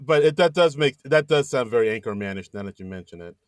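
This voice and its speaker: A man's voice: quick pace, dry recording. A man co-hosting a podcast, casually recapping a movie and acting out bits of dialogue. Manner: animated retelling, acts out lines in a high voice. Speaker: podcast co-host.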